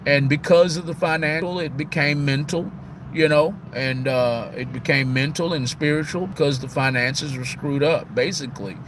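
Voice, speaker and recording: A man's voice: on the high side, normal speed, noisy background. A heartbroken man on the verge of tears, talking casually on a live stream and repeating "man" and "y'all". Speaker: livestream host.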